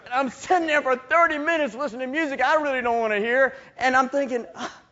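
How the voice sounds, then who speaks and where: A man preaching a sermon, telling stories in a folksy, animated way with chuckles. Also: very high voice, fast. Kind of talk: storytelling sermon. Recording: dull lo-fi recording.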